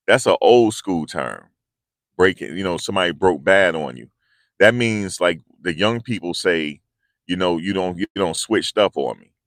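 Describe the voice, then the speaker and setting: A man's voice: low-pitched, fairly bright tone, dry recording, clean studio sound. A man hosting a casual commentary video, talking in a loose, slangy, repetitive way. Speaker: commentary channel host.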